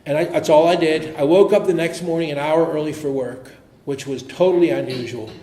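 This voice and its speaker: A man's voice: a little high, warm tone. Earnest man telling his story in an echoey hall. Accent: American. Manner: earnest, halting, with frequent restarts. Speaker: AA speaker. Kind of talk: personal recovery story. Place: meeting hall. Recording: echoey room with faint noise.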